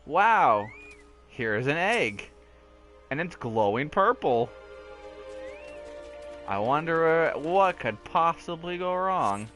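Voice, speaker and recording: An excitable, playful man commenting on a game he is playing. His pitch swings lively up and down as he talks. Faint background music runs under him. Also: slow, long pauses. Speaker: let's play co-host. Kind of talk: casual gaming commentary.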